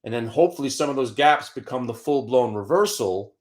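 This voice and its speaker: A man hosting a live stock trading show, brash and taunting, dropping to mutters and bursting into shouts. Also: mid-range voice, expressive, a little fast.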